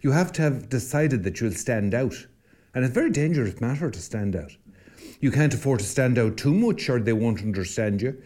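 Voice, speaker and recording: A man's voice: medium pitch, lively intonation, brisk, mellow. An Irish man, a priest co-hosting a podcast, telling stories in a reflective, conversational way with frequent restarts. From Ireland. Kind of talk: casual conversational podcast talk.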